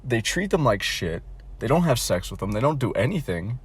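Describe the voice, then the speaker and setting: A man's voice: mid-range voice, sing-song, moderate pace, husky, no echo. A young adult man telling a casual storytime rant, blunt and mocking, rambling with lots of fillers and restarts and frequent swearing. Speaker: vlogger.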